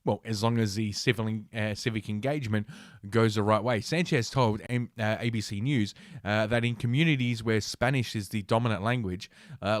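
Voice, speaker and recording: A man's voice: on the low side, no echo, clean studio sound. A man hosting a podcast, reading news articles aloud with sardonic, profane asides and frequent stumbles. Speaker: podcast host. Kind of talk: casual news commentary.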